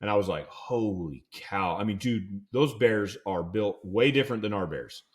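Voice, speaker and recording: A man with a somewhat low voice tells an outdoors story in a loose, casual podcast way. He fills his talk with "dude" and "like" and briefly acts out the quoted lines of his companions. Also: normal speed. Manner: laid-back storyteller who acts out quoted dialogue. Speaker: podcast co-host.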